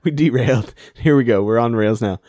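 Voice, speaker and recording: A man's voice: medium pitch, a little fast, warm tone, dry recording, studio quality. A man in casual podcast chat, easygoing and agreeable, laughing often as he tells a story.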